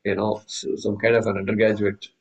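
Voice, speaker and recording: A man teaching a scripture class, telling stories with many restarts and reciting Sanskrit verses slowly. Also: on the low side, monotone, vocal fry, husky, low-quality recording. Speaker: Vedanta teacher. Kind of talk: spiritual class lecture.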